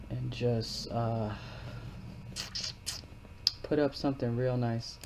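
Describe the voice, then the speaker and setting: A man's voice: mid-range voice, darkish tone, slight background noise. A man in his living room, giving rambling, earnest commentary between readings of scripture as the host of his own channel. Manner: earnest, rambling, repeats words while explaining. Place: living room with wooden walls.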